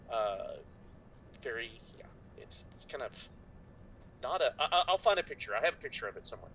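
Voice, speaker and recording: A hesitant man who rambles as a tabletop game player. His voice is bright and fairly high, heard on a muffled, distant mic with a low hum behind it. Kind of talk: casual chat.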